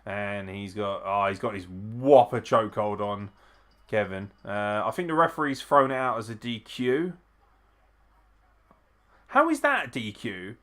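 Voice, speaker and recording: Low-voiced man in casual watch-along chat. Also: lively intonation, a little slow, a bit bright. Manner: casual, profane, chuckling reactions. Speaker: wrestling show host. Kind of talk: live watch-along commentary.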